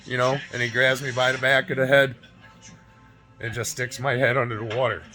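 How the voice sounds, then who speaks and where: A man's voice: medium pitch, little pitch movement, a little fast, pushed and bright, poor audio. A man in his forties telling a painful personal story to camera, emotional and near tears, swearing freely and often tagging his sentences with "right?" and "you know?". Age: 40s. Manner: raw, profane, keeps adding "right?" and "you know?". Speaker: fitness vlogger. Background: music.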